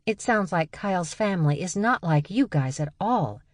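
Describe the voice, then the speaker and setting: A woman's voice: fairly low pitch, lively intonation, moderate pace, no echo, voice pushed up, lightly acted. Woman voicing an oblivious, guileless young woman. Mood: earnest. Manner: bright, matter-of-fact, guileless. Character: spacey, blunt young woman genius, oblivious.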